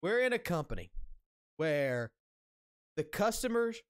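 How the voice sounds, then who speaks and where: A man's voice: sits high, big pitch swings, a little slow, smooth. A man streaming a casual rant, angry and heavily profane, blunt, repeating himself for emphasis.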